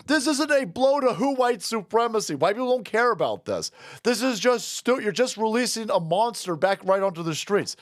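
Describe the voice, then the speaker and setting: A man's voice: very high-pitched, expressive, moderate pace, dry recording, studio quality. An angry, sarcastic man ranting on camera. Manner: angry, sarcastic, profane ranting with mocking laughs. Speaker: online commentator. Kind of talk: ranting commentary vlog.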